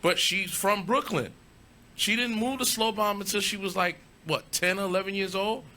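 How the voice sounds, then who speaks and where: A man's voice: high voice, fairly even intonation, moderate pace, sharp tone. A man from New York hosting a casual studio interview, joking and bantering with his guest. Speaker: interview host.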